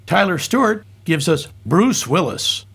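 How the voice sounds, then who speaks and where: Husky, wry male podcast co-host. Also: high-pitched, very animated, a little slow, fairly bright tone. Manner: wry, joking, reads listener comments aloud. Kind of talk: casual film podcast chat.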